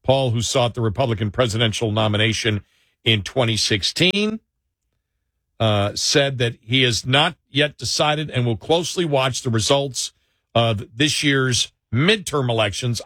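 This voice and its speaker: A man's voice: mid-range voice, unhurried, a bit bright, dry recording, studio quality. A man hosting a casual political talk show, conversational and sometimes sarcastic, often correcting himself mid-sentence.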